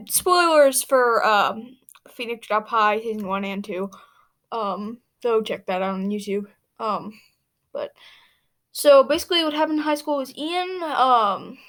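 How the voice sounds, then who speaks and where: Young woman, casual fanfic reading, rambling asides, fairly high voice. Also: a bit bright. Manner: rambling, with fillers and self-commentary. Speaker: reader.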